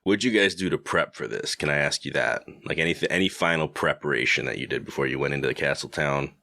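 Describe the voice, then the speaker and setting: Deep-voiced laid-back podcast host man. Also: quick pace, gravelly, pushed and bright, no echo. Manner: laid-back, slangy, laughs often. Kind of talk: casual chat.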